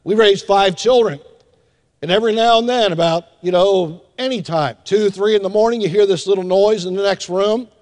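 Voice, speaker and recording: An older pastor preaches a sermon in a high voice, animated, acting out little scenes with hushed asides and drawn-out emphasis. The recording carries a long hall reverb.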